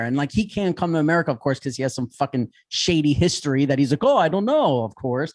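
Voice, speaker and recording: A man co-hosting a podcast, telling a story in an animated, ranting way with lots of swearing. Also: on the high side, fast talker, hardly any pauses. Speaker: podcast co-host. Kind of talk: casual chat.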